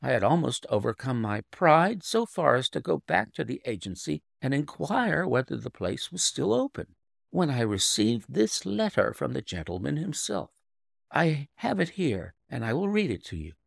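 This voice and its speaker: A man reading an audiobook, voicing a young governess who tells her story in a proud, firm, measured way. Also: medium pitch, big pitch swings, gravelly, dry recording, studio quality, voice pushed up, full character voice. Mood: earnest.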